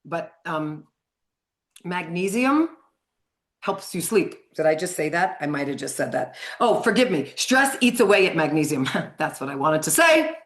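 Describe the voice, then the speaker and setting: A woman's voice: low-pitched, very animated, a little slow. A middle-aged woman coaching on sugar addiction in a live online training, chatty and frank, swearing casually and laughing often.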